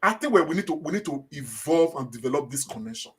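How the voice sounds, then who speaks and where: A middle-aged man with a Nigerian accent talks on a show in a slightly high voice. He rambles, leans on fillers, and restarts his sentences often. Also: lively intonation, fast, slightly rough. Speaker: talk show host. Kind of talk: casual commentary.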